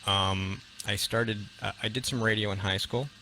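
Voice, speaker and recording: A man's voice: fairly low pitch, steady tone, normal speed, sharp tone. A man in his fifties from western New York, a guest on a radio talk show, easygoing and matter-of-fact, with frequent ums and restarts. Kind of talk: casual radio interview. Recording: AM radio broadcast with faint noise.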